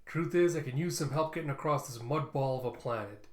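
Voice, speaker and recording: A man's voice: medium pitch, fairly quick, reverberant, natural voice. A man voicing a grumpy, blunt old male loner in a comic readthrough. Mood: gruff. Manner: blunt, scoffing, louder.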